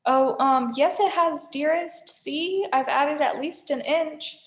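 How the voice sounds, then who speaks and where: A woman doing a jittery falsetto satyr boy. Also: takes it slowly. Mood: flustered. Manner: falsetto, flustered, coaxing. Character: nervous young satyr man in falsetto. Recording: echoey room.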